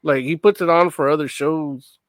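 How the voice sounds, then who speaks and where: A man's voice: a little high, steady tone, moderate pace, dry recording. A man on a casual panel show who explains things matter-of-factly, tagging his lines with "you know".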